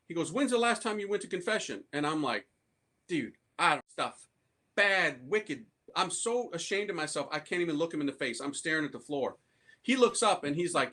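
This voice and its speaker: In animated storytelling, a priest recounts his conversion using street-style slang, laughing often and voicing the people he quotes. His voice is on the high side, expressive, pushed and bright, and he talks a little fast.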